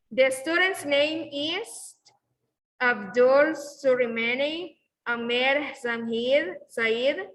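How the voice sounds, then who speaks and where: A woman teaching an English class who explains slowly and keeps repeating okay and very good. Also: sits high, fairly bright tone, low-quality recording.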